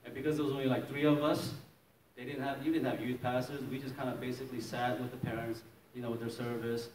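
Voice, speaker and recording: A man's voice: medium pitch, quick pace. A man from Maryland, a pastor, telling his testimony in a sermon, acting out scenes and laughing often as he tells it. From Maryland, USA. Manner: lively storytelling, acts out scenes, laughs often. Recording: roomy echo, distant mic, faint noise.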